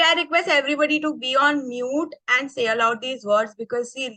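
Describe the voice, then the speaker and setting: An energetic woman teaches spelling rules over a video call. Her tone is bright and slightly high, and she keeps asking her listeners "okay?" The recording is dry, with no room echo. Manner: energetic, checks in often with "okay?". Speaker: teacher trainer. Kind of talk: online teacher workshop.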